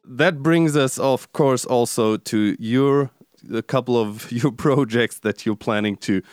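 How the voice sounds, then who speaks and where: A man with a smooth, resonant voice introduces his guest's projects in a casual, halting way. The recording is dry and close, with no room sound. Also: medium pitch, darkish tone, dry recording, faint music behind. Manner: hesitant, many ums and uhs. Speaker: podcast host. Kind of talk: casual interview hosting.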